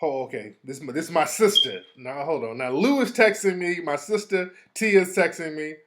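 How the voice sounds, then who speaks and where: A man's voice: on the high side, brisk, very noisy. A man hosting his own show, ranting casually and profanely while reading out text messages. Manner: profane, heated, reading texts aloud. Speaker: show host. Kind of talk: casual live rant.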